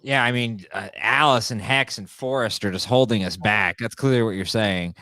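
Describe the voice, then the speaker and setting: Guy with lowish voice, sarcastic dry jokes, dead dry sound. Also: normal speed, sharp tone, dry recording, low-quality recording. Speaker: podcast guest. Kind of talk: casual chat.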